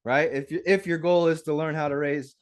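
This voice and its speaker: A man's voice: fairly high pitch, fairly quick. Upbeat man hosting a live webinar. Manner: energetic, upbeat, talks straight to the audience. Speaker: webinar host.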